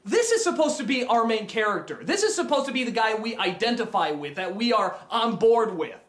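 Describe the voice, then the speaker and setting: Brief: ranting male reviewer, swooping lively pitch, roomy echoey recording. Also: a little fast. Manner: exasperated, animated, mocking impressions. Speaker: film reviewer. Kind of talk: comedic review rant.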